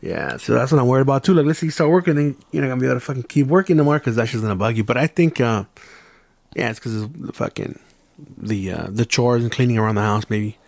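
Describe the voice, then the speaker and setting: Man hosting a podcast, laid-back rambling, swears a lot, mid-pitched, dry close sound. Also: animated, quick pace, creaky, dry recording. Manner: loose, rambling and heavy on swearing. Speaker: podcast host. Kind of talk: casual chat.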